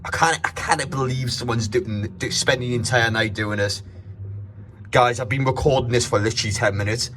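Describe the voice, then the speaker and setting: A man's voice: medium pitch, a little fast, fairly bright tone, a little hiss or hum. A young man, vlogging casually into his phone, exasperated and swearing. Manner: exasperated, swearing, muttering at night. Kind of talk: casual vlog talk to camera. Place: hotel room at night.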